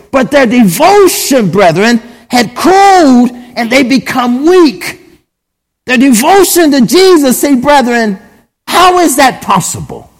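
A man preaching a sermon emphatically, repeatedly addressing his listeners as brethren. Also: very high-pitched. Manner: emphatic, repeatedly saying "brethren", drawn-out pauses. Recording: long hall reverb.

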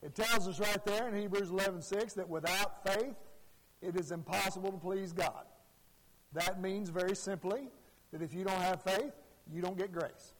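A man's voice: high-pitched, fairly even intonation. Emphatic man preaching in a hall. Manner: emphatic, rises and drops in volume, slow deliberate phrasing. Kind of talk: sermon.

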